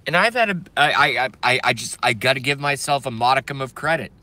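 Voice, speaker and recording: A middle-aged man ranting angrily on his live stream, swearing, breaking off to apologize, his voice going hoarse from a day of talking. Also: mid-range voice, brisk, sharp tone, dry recording. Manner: angry, profane ranting with sudden outbursts and apologies.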